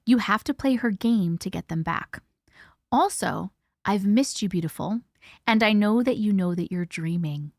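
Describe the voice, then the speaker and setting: A woman voicing a faceless man in a dream who speaks gently and protectively. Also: medium pitch, expressive, moderate pace, no echo, studio quality. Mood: tender.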